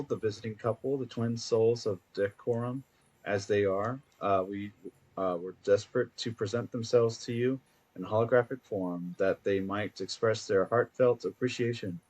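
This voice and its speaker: A man's voice: medium pitch, moderate pace, darkish tone, close to an everyday voice. A man reading out the letter of a pompous, flowery-spoken married man in a video game, in grand archaic phrasing with frequent stumbles.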